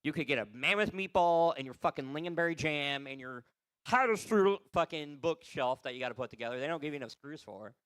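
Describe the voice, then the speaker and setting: Weary and fast-talking, a man at an open mic runs through a rambling, profane routine and chuckles at his own material. His high, expressive voice swings widely, bright and sharp with a clean tone, and the sound is dry and close with no echo.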